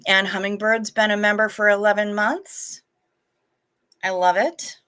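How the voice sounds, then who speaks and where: A woman's voice: mid-range voice, level tone, a little slow, sharp tone, clean tone. A woman hosting a casual live stream, chatting frankly with viewers and swearing now and then, sounding anxious.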